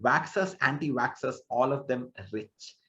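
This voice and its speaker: A man's voice: medium pitch, measured pace, highs cut off, over loud music. A man from India co-hosting a casual podcast, hesitant and often restarting his sentences. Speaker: podcast co-host.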